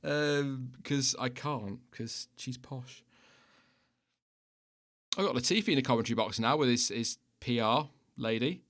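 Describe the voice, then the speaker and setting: A man's voice: mid-range voice, fairly even intonation, measured pace, a bit bright. A British man hosting a livestream in casual chat, chatty and self-mocking, laughing often. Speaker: livestream host.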